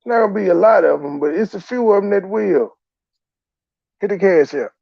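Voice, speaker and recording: A man's voice: high-pitched, moderate pace, gravelly, no room sound, muffled recording. A man hosting a reaction commentary, profane, ranting and taunting. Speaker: host.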